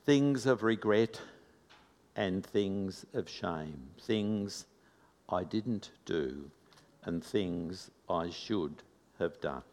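A man preaching a sermon in a slow, reflective, measured way. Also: deep voice, animated, a little mellow. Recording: long reverb of a large hall.

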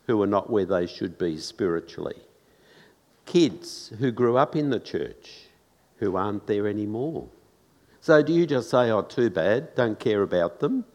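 A man preaches slowly from the pulpit, his voice sitting a little low. He talks to his congregation in an earnest, conversational way, asking rhetorical questions. The sound carries a long reverb from a church hall. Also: darkish tone. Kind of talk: sermon.

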